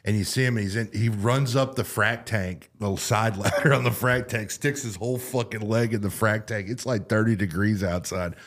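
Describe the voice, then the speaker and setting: Very deep-voiced man telling crude stories. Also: normal speed, few pauses, a bit bright. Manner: crude joking storyteller, swears freely. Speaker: podcast host. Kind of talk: casual podcast banter.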